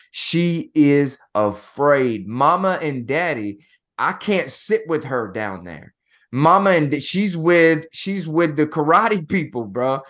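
Slow-talking man telling a story. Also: on the high side, a bit bright. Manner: storytelling, addresses co-host as bro. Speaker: podcast co-host. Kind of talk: casual motivational chat.

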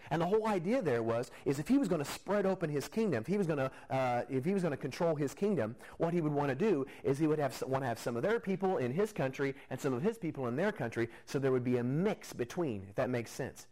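A man's voice: a little high, animated, fast, few pauses, a little mellow, low-quality recording. A man preaching a sermon in a conversational way, telling a Bible story and rising with emphasis at key points. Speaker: pastor.

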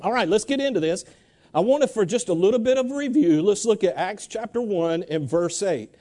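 Male preacher, high mellow voice, lively sermon with call-and-response. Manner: animated, drawls Bible verses slowly.

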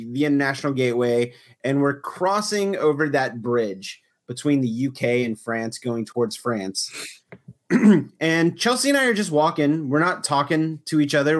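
A young man chatting casually as a podcast host, telling a long story with lots of restarts and filler words. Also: medium pitch. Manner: rambling storytelling with frequent restarts. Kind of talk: casual chat.

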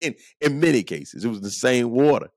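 A man hosting a casual talk show, telling stories in an animated way and acting out his friends' lines with quick laughs. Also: medium pitch, no echo. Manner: animated, acts out quoted friends, chuckles often. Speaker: podcast host. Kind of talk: casual storytelling monologue.

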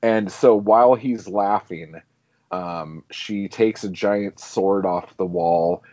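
A man's voice: deep voice, slow pace, darkish tone, dry recording. A man co-hosting a casual film podcast, recapping a movie in a rambling way with lots of "like" and swearing. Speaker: podcast co-host. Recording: dull dry lo-fi audio.

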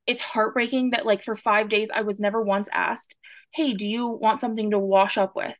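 A woman's voice: mid-range voice, fairly even intonation, moderate pace, dry recording. Earnest young woman telling her story. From Canada. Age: 20s. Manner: earnest, emotional retelling with quoted dialogue. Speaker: podcast guest, nurse. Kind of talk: personal story in an interview.

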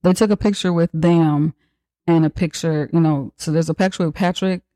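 Podcast host recapping a movie, slangy, cussing, joking around, warm low tone, dry sound. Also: steady tone, moderate pace, dry recording. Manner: slangy, profane, joking asides.

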